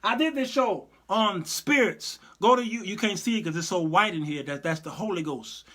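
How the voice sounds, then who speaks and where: Pitched high and moderately paced, this middle-aged man's voice has a fairly bright tone. He hosts an online talk show, reading live chat and commenting casually, laughing often and mimicking people.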